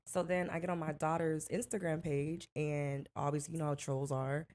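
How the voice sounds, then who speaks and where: A woman's voice: sits low, level tone, normal speed, a little mellow. Indignant young woman telling her story. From Miami. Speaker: guest, rapper's wife. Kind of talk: casual interview talk.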